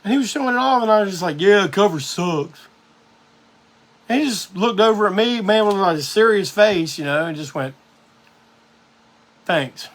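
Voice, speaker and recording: A man's voice: high voice, fast, few pauses, a bit bright. A man hosting a live music show, telling a rambling, profane story in a casual monologue.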